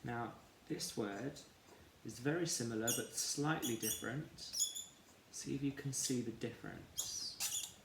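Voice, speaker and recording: A man teaching a children's phonics lesson, sounding out words slowly and clearly, syllable by syllable. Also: medium pitch, very noisy. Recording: echoey room with faint ambience.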